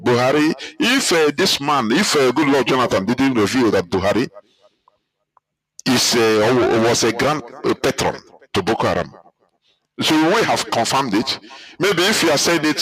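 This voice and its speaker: A man with a Nigerian accent giving heated political commentary, emphatic and repetitive, his pitch climbing as he presses his points. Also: animated, moderate pace, fairly bright tone, poor audio. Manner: angry, emphatic, repeats himself, rises in pitch. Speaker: commentator reacting to a clip.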